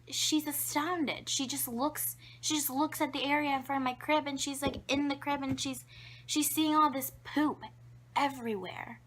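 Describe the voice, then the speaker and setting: A woman's voice: sits high, fairly even intonation, a little slow, a bit bright, slight background noise. A young woman telling embarrassing childhood stories to camera, chatty and giggly, with lots of fillers and whispered asides. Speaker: vlogger. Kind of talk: casual storytelling to camera.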